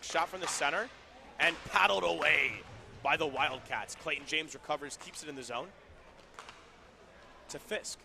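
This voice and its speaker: A man giving casual, chatty play-by-play commentary at an indoor roller hockey rink, with quick bursts of excitement. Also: a little high, background noise. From Southern California.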